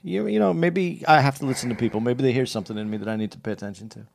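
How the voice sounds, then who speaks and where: A man co-hosting a podcast in casual chat, earnest and halting, often stammering and restarting his sentences. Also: mid-range voice, gravelly, a little hiss or hum. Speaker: podcast co-host.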